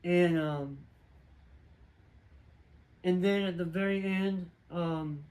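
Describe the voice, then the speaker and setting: A man with a notably high voice talks through a film's story in a loose, chatty recap. He wanders from scene to scene and fills the gaps with plenty of filler words, like an informal reviewer talking straight to the camera. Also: fairly even intonation, extremely slow, a little mellow, rough recording. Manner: rambling, filler-heavy retelling. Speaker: movie reviewer. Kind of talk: casual movie plot recap.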